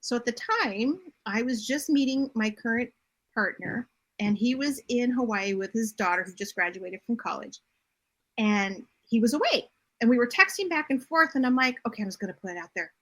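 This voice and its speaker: A middle-aged woman talking as a podcast guest, telling her story in a direct, animated way. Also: a little high, moderate pace. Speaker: podcast guest, bodymind coach and writer. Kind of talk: casual interview chat.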